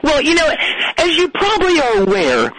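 A man's voice: extremely high pitch, wildly swooping pitch, moderate pace, fairly bright tone, exaggerated voice, poor audio. A man playing a dim-witted, boastful Philadelphia stoner who calls in and rambles through his story in a Philadelphia accent. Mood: rambling boastful. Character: brash dim-witted Philly stoner party guy. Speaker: caller. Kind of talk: comedic call-in character bit.

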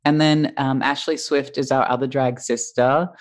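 A man's voice: mid-range voice, little pitch movement, moderate pace. A man with an Australian accent, a guest in casual chat, talking in an articulate, playful way.

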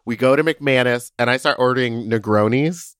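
A man co-hosting a podcast, telling stories in an animated, chatty way. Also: mid-range voice, moderate pace, no room sound, clean studio sound. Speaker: podcast co-host. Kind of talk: casual chat, storytelling.

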